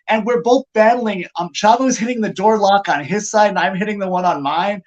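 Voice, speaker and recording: A middle-aged man tells wrestling-locker-room stories in a lively, rambling podcast chat, leaning on "like" as he goes. His voice sits a little high for a man. The recording is muffled and lo-fi. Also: brisk, hardly any pauses. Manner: animated anecdote-telling, heavy use of "like". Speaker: pro wrestler guest. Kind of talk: casual podcast storytelling.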